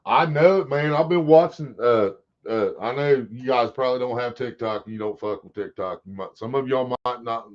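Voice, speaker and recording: A man hosting a casual livestream, rambling and swearing as he talks to his chat. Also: mid-range voice. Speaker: livestream host. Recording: dull lo-fi stream audio.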